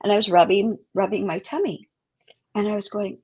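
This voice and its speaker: A woman's voice: medium pitch, fairly even intonation, fairly quick, darkish tone, breathy edge. A middle-aged woman, a guest, telling a personal story with feeling and acting out the voices in it. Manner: emotional, vivid storyteller who acts out quotes.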